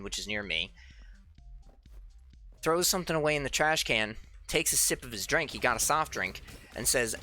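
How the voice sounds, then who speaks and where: Over faint game music, a young let's play host rambles through a casual, chatty story while playing, doing voices for the people he quotes. His medium-pitched voice sounds pushed and bright.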